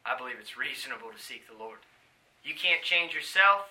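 A man preaching a sermon, swinging from hushed pleading to loud shouting. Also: medium pitch, animated, a little fast.

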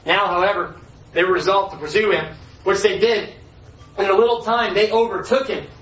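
A man's voice: high voice, fairly even intonation, moderate pace. A man preaching a sermon, reading scripture and an old allegory with earnest delivery. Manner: earnest reading, rising forceful on key lines. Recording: echoey hall, voice far from mic, dull lo-fi.

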